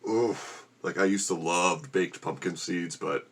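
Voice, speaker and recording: A man's voice: sits low, steady tone, measured pace. Man groaning through spicy food. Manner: groaning and complaining while eating spicy food. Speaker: vlogger. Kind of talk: casual vlog to camera. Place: home room with a gecko habitat.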